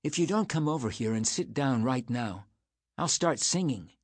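A man's voice: on the high side, big pitch swings, normal speed, husky, no room sound, pitched above the performer's own voice. A man voicing a sick sixteen-year-old girl who teases and coaxes a boy. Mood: teasing. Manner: playful, coaxing.

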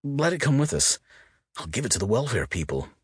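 A man's voice: mid-range voice, sing-song, fairly quick, breathy edge, no echo, studio quality, pitched above the performer's own voice. A man voicing a frantic, swearing squad leader with a strained, pleading voice. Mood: relieved.

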